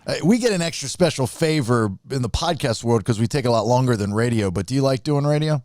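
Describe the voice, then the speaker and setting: A man's voice: medium pitch, lively intonation, fast, darkish tone, no echo. Rambling male podcast host, dry sound. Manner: rambling questions with many restarts. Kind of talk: casual interview.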